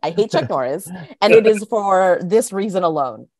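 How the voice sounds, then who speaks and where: A woman's voice: mid-range voice, animated, moderate pace, darkish tone, no room sound. A woman guest on a sports podcast over a video call, chatting casually, frank and opinionated and laughing often. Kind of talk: casual chat.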